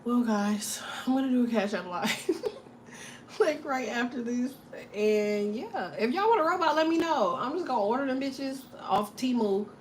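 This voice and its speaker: A woman hosting a casual tarot livestream, delivering a profane, animated comedic rant and laughing often. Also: a little high, normal speed, slight background noise.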